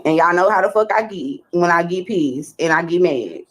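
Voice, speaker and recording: A woman's voice: on the low side, animated, normal speed. A woman on a livestream, agitated and questioning. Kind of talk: livestream talk.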